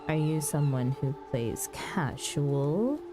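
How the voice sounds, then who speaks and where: A woman streamer, not a native English speaker, chatting in a friendly way with viewers and often clearing her throat. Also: deep voice, expressive, takes it slowly. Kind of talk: casual chat with viewers. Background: background music.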